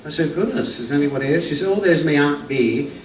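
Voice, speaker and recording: A man's voice: a little high, lively intonation, fast, natural voice. An older man doing a henpecked old comic. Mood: wry patter. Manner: rambling, hesitant patter with stammered restarts. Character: old male music-hall comedian, henpecked and wry. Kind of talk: vaudeville stand-up routine. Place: theater stage. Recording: echoey stage from a distance, faint room noise.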